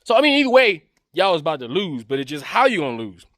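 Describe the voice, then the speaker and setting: A man's voice: a little high, very animated, quick pace, a bit bright, dry recording. A man giving a taunting, mocking political commentary rant to camera, repeating his jabs over and over. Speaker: online commentator.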